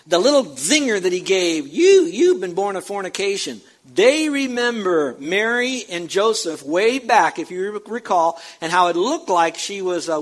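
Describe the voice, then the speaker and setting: Male pastor, fairly high voice, emphatic sermon delivery to a church congregation. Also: low-quality recording. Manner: emphatic preacher, repeats words and addresses the congregation directly. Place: church sanctuary with a screen.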